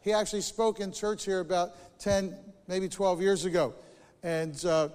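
A pastor preaching in a church, spinning chatty, animated stories from his week. His voice sits high for a man. The sound carries the long reverb of a church hall. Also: unhurried, smooth. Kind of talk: sermon with personal stories.

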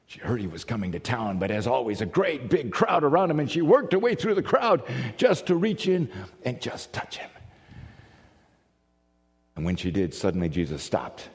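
A man from the United States preaching a sermon, telling stories with animated swings from loud to hushed. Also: mid-range voice, normal speed. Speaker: pastor. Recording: long reverb of a large hall.

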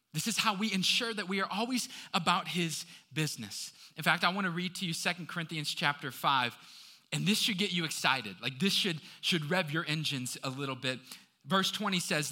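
A man's voice: fairly high pitch, normal speed, pushed and bright. A male pastor preaching a sermon, urging listeners and repeating key phrases for emphasis.

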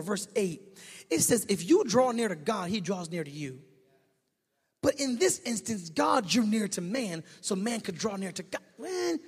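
A male pastor preaching a sermon, telling a story and swinging from shouting to hushed tones. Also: high voice, husky. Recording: echoey hall.

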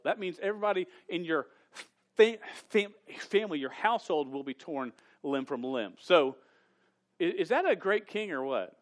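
A man preaching as a pastor to a room of young people, talking in a chatty, animated way with many restarts. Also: a little high, normal speed. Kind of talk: casual youth sermon. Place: church room with an audience.

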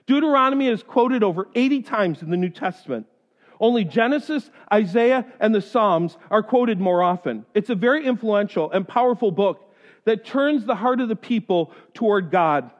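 A man preaching a sermon who tells personal stories in an animated way and acts out other people's voices. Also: sits high, moderate pace. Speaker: pastor. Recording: dull sound in a reverberant hall.

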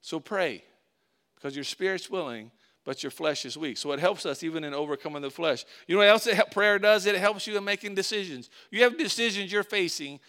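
A man's voice: high-pitched, brisk, sharp tone. A man preaching a sermon in a conversational way, asking his listeners questions and repeating key phrases for emphasis. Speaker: pastor.

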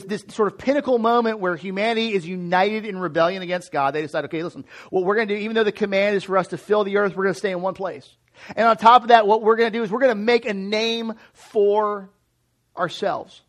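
A male pastor in his thirties delivers a sermon with a notably high-pitched voice. He talks in a relaxed, animated way, often restarting phrases and slipping in side remarks. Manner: conversational and animated, with many restarts and asides.

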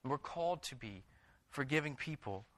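Earnest pastor with a bright, forceful voice. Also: male voice, mid-range voice, animated, normal speed. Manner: earnest preaching, rising to emphatic repetitions; reads scripture aloud then exhorts the congregation. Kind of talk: sermon.

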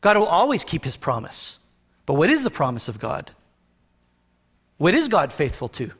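High-voiced man preaching in a reverberant hall. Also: huge pitch swings, fairly bright tone, slightly rough. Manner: earnest, conversational preaching with slow emphatic scripture reading. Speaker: pastor. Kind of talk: sermon.

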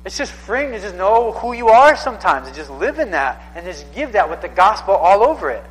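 A man's voice: high voice, sing-song, fairly quick, a bit bright, long reverb tail, low-quality recording. A man in his thirties preaching a sermon in a casual, conversational way, often repeating himself for emphasis. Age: 30s. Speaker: pastor.

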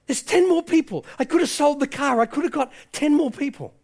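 A remorseful man, as a preacher puts him on pleads in a strained, high voice, close to breaking down. He is a character in a story told within a sermon. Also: a little fast. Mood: anguished. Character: remorseful man, wartime businessman, anguished.

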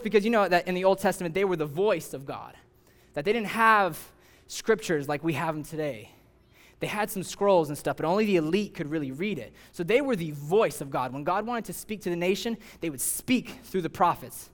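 High-voiced man preaching casually. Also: fairly quick. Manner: animated storytelling, acting out quoted voices. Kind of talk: casual sermon.

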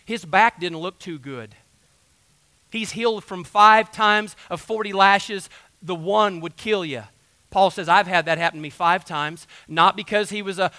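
A man's voice: high-pitched, pushed and bright, no room sound. A man preaching a sermon in a folksy, conversational way, full of asides to the congregation. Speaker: pastor.

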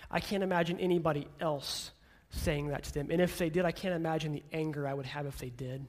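A male pastor in his thirties giving an earnest sermon, speaking gently and then building to emphatic declarations. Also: on the high side, fairly even intonation, fast talker.

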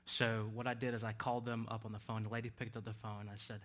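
A man preaching a sermon, telling a personal story in a lively way with frequent laughter. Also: on the low side, fast. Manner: animated, laughs between lines. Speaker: pastor.

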